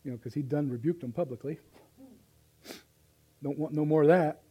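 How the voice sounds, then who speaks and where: Preacher, male, fairly high-voiced, folksy and fiery, live church sermon. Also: moderate pace, breathy edge, low-quality recording. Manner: folksy, impassioned, swings from hushed to loud. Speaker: pastor.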